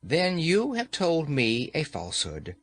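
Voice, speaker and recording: A man's voice: medium pitch, expressive, unhurried, a bit bright, a little hiss or hum. A man voicing a stately, powerful sorceress who speaks sternly and with authority. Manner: stern, commanding.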